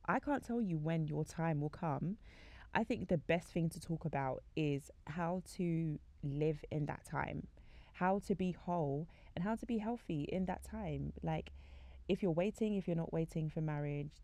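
A young woman with a low, mellow voice gives a casual faith-based talk at a measured pace. She's chatty, filling her speech with "like" and acting out the conversations she recounts. There's no room sound.

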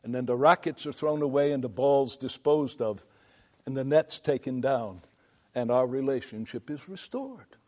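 An older man, a pastor, delivering a seminary lecture in an earnest, emphatic preaching style with long deliberate pauses. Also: mid-range voice, mellow.

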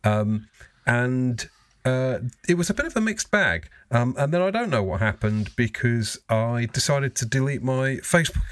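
A man's voice: medium pitch, fairly bright tone, no room sound. A man co-hosting a casual podcast, rambling and joking, swearing freely. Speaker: podcast co-host. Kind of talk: casual chat.

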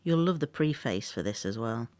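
A woman's voice: very deep voice, expressive, moderate pace, darkish tone, dry recording. A British woman co-hosting a casual chat, wry and chatty with a few mild swears. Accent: British English. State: jet-lagged. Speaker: podcast co-host.

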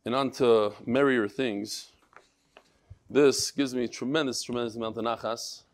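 A middle-aged man teaching a Torah class in lively talk, mixing Yiddish and Hebrew terms into English. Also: mid-range voice, measured pace.

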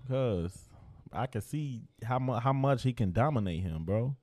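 A man's voice: medium pitch, animated, unhurried, a little mellow, no echo. A man in casual chat with friends, laid-back and slangy, talking sports. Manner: laid-back, slangy, mimics others in quotes.

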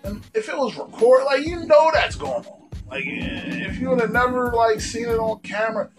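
A man's voice: very high-pitched, animated, moderate pace, soft background music. A man co-hosting a casual podcast chat, laid back, mostly short replies. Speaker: podcast co-host.

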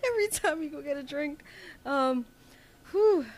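A woman's voice: high-pitched, animated, unhurried. A woman co-hosting a podcast, chatting casually and laughing constantly. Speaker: podcast co-host. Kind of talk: casual chat.

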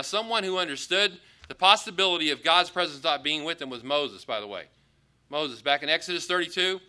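A man's voice: a little high, pushed and bright. A man pastor preaching a conversational sermon in an auditorium, acting out quoted lines with rising emphasis.

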